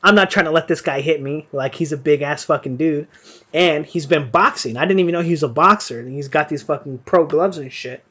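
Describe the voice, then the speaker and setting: A man's voice: a little high, brisk, sharp tone. A young man hosting a live boxing stream, casually telling a profane, rambling story full of fillers. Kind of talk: casual storytelling during live fight commentary.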